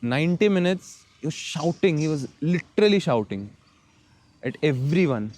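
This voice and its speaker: A man's voice: on the high side, moderate pace. A young man with an Indian accent, telling stories as a guest in a casual podcast conversation and slipping Hindi into his English. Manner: relaxed storytelling, mixing Hindi into English. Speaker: guest, football goalkeeper.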